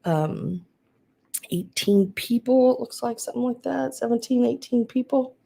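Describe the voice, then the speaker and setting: A woman's voice: fairly high pitch, measured pace, gravelly, dark tone. A woman with a Southern US accent hosting a live vintage sale stream, chatting casually and greeting viewers by name. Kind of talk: casual livestream chat.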